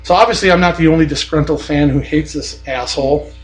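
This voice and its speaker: A man's voice: fairly high pitch, quick pace, faint music behind, poor audio. A man on a podcast telling a long, indignant story in a blunt, profane, casual way. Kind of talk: casual ranting anecdote.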